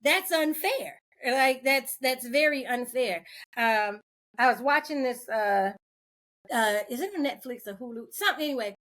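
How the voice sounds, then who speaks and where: A woman with a slightly high voice talks as a podcast guest in open, candid conversation. She is animated and laughs often, switching into the voices of the people she quotes. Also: moderate pace.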